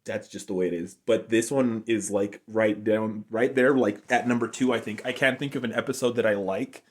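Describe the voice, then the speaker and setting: A man's voice: on the low side, fairly even intonation, moderate pace. A man giving an unscripted, casual review, rambling along and saying "like" constantly. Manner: rambling, heavy use of "like" fillers. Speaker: show reviewer.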